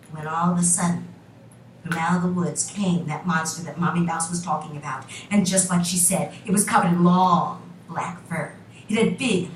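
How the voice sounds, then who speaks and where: A woman's voice: mid-range voice, fairly bright tone, slight background noise. Woman telling a dramatic story. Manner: dramatic, with drawn-out repeated emphasis. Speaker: teacher. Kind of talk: storytelling aloud to a class. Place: classroom. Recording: roomy classroom from a distance.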